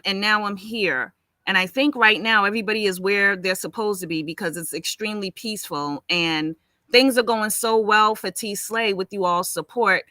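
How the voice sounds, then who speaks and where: A woman's voice: medium pitch, sharp tone, dry recording. A woman from Boston with a Boston accent, talking casually on a livestream in a rambling, chatty way and swearing freely. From Boston, Massachusetts. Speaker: livestream guest.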